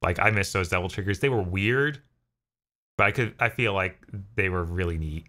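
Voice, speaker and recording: A man co-hosting a casual gaming podcast, relaxed and agreeable, often answering with short replies. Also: low-pitched, normal speed. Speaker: podcast co-host.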